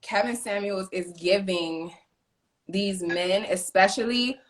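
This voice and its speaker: A woman's voice: mid-range voice, slow pace, a little hiss or hum. A woman co-hosting a casual chat, talking emphatically and acting out the people she retells. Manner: emphatic, animated retelling with quoted voices. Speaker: co-host.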